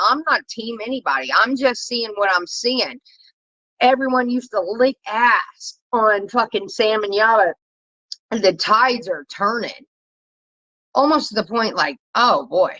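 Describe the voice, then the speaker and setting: A woman rants bluntly and profanely, wandering from point to point, her voice climbing sharply when she gets fired up. The sound is a little dull and lo-fi, like a basic home setup. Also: fairly bright tone. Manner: blunt, profane, rambling, rising pitch when worked up. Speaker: commentary vlogger. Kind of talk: casual ranting commentary.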